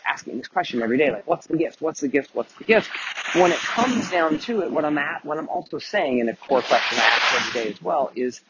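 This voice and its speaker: A man with a fairly high voice speaks in an earnest, candid, loosely swearing motivational monologue. He walks along a beach at night, with waves crashing clearly behind him. The recording is muffled and dull. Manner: earnest, candid, with casual swearing and frequent restarts. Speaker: podcast host and mentor. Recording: muffled outdoor recording with wave noise.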